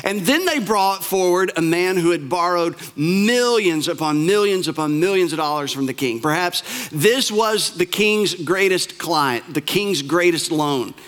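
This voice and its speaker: High-voiced male preacher telling a story. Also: lively intonation, fairly bright tone. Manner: repetitive, emphatic, slows on key words. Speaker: pastor. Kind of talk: sermon storytelling.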